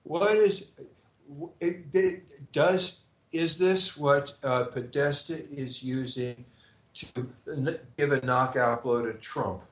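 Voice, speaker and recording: A man hosting a radio interview, asking short questions and giving quick agreements. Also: fairly high pitch, echoey room. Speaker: radio show host.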